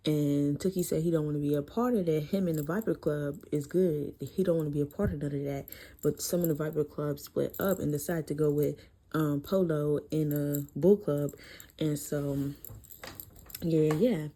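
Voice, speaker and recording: A woman casually reviewing a book series in a chatty, profane, animated way. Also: sits low, normal speed.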